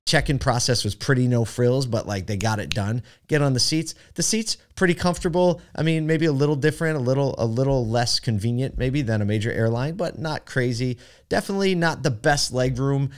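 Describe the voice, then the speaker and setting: A man's voice: medium pitch, a little fast. A man hosting a podcast, telling a story in a chatty way with many fillers and asides. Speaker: podcast host. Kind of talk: casual storytelling monologue.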